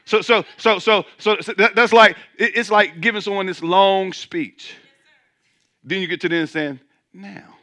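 A man's voice: high-pitched, steady tone, moderate pace, bright, forceful tone. A man preaching a sermon as pastor, emphatic, repeating words as he restarts and calling out to his listeners. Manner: calls out to the congregation.

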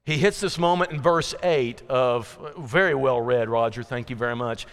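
A man's voice: mid-range voice, moderate pace, big-room sound. A man preaching a sermon in a conversational, emphatic way, full of rhetorical questions. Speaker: pastor.

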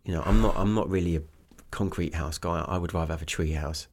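A man's voice: deep voice, fast. A man with an English accent, chatting casually as a guest and rambling with many fillers. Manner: rambling, full of fillers and restarts. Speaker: guest, business owner. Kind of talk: casual conversation.

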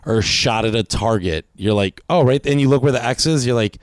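Brief: male comic, casual podcast banter, animated and crude, dry close-miked sound. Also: mid-range voice, fairly quick, no room sound. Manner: animated storytelling, drops into voices and impressions, swears a lot. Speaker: comedian, podcast co-host. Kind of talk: casual comedy podcast chat.

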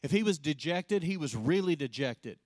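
A man preaching a sermon as pastor, telling a story with lively acted-out quotes and dropping soft and slow to drive points home. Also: a little high, dry recording, clean studio sound. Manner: animated storyteller, acts out quoted voices; drops soft and slow for emphasis.

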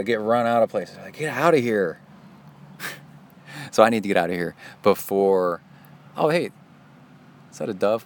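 Low-voiced man rambling casually on a podcast. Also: slight background noise. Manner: chatty, self-deprecating, prone to digressions. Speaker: podcast host.

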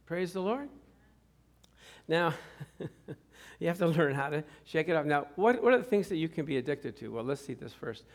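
Man, pastor, high voice, lively sermon storytelling, laughs along the way. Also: normal speed, pauses often. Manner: storytelling, acts out quoted people, laughs often.

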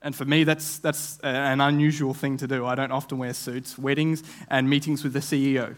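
A man's voice: medium pitch, little pitch movement, fairly quick. A young man preaching a sermon, telling a vivid story with frequent restarts and repeated words. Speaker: guest preacher.

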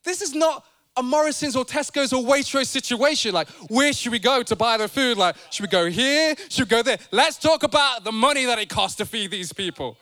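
A man's voice: extremely high pitch, expressive, fairly quick, bright, forceful tone, voice pushed up, full character voice. A man voicing an exasperated, practical male disciple who pleads in comic disbelief.

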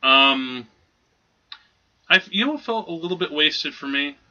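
A man's voice: on the high side, animated, a little slow, bright, forceful tone. A man co-hosting a casual movie review podcast, rambling with lots of restarts and fillers. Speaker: podcast co-host. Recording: dull lo-fi recording.

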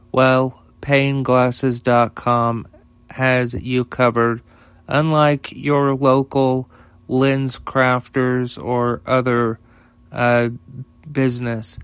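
A man's voice: mid-range voice, a bit bright, smooth, no room sound. A man hosting his own show, giving blunt, profane commentary on the news and reading sponsor ads in a casual, offhand way. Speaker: host.

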